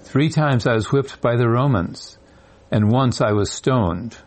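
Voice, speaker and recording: A man in a Bible study group reading passages from a study guide and scripture in a steady voice. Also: medium pitch, a little slow.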